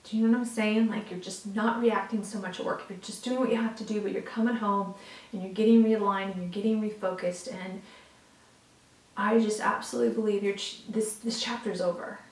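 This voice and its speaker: This tarot reader talks fairly quickly with fairly even intonation, her medium-pitched voice picked up off-mic in a roomy space. She's casual and heartfelt with viewers, earnest, occasionally emotional, and prone to swearing.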